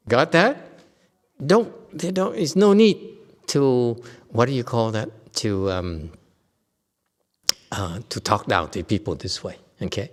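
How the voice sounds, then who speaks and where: Joking Buddhist master in a reverberant hall. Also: male voice, a little high, vocal fry. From Vietnam. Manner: joking, conversational, keeps checking in with the audience. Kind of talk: dharma lecture. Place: temple lecture hall.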